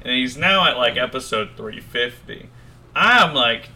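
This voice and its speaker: A man's voice: medium pitch, big pitch swings, normal speed, pushed and bright. A young man hosting a casual podcast, rambling and joking with friends, swearing freely. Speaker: podcast host. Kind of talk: casual chat.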